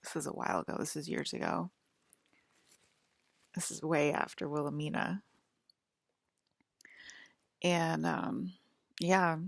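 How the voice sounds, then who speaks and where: A woman with a low, gravelly voice rambles on in a personal monologue, wandering from thought to thought with plenty of "um" and "like." The sound is dry and close, with no room around it. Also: steady tone, slow, pauses often, dry recording. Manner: meandering, full of "um" and "like", soft-spoken. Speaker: vlogger.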